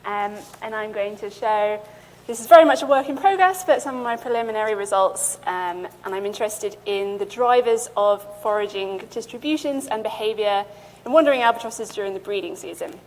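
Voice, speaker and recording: A woman's voice: medium pitch, fairly quick, slight background noise. A young woman, a PhD student, giving a conference talk, presenting steadily with the odd filler. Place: lecture hall. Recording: lecture hall with long reverb.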